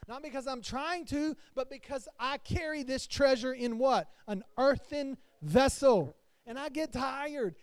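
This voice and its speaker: A man, a pastor, preaching a sermon to his congregation with his voice rising and falling in loudness. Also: very high voice, dry recording.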